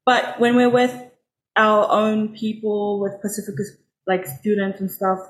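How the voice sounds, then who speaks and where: A woman's voice: mid-range voice, fairly even intonation. A woman in her twenties with a Cook Islands accent, a university student answering interview questions thoughtfully. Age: 20s. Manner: slow and thoughtful, frequent laughter as a listener. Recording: roomy echo, faint background noise.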